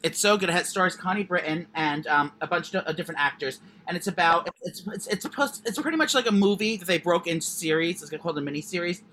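Young male co-host, quick and rambling, light hiss behind. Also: high voice. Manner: rambling, fast, animated, many fillers. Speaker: podcast co-host. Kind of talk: casual chat. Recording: faint background noise.

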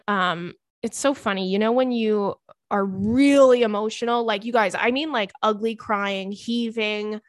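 A young woman hosting a podcast, reading listener emails and chatting in a gossipy, animated way, full of "girl" and "like". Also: medium pitch, no room sound. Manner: gossipy, animated, swearing, says "girl" and "like" often. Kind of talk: casual chat.

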